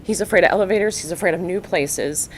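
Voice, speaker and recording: A woman speaking as a parent at a county board meeting, nervous and halting, with many fillers. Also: lowish voice, a little hiss or hum. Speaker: parent giving testimony. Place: public meeting room.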